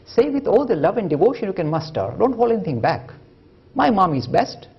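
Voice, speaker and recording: A lecturer voicing a wise old man who calmly settles a fight between two boys. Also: high-pitched, fairly quick, gravelly, breathy edge, lo-fi sound, pitched above the performer's own voice, full character voice. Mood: calming.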